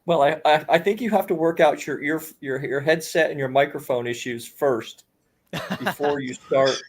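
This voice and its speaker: A man co-hosts a podcast in a relaxed, joking way, tossing off banter easily. His voice sits a little high. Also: normal speed. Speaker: podcast co-host. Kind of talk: casual podcast chat.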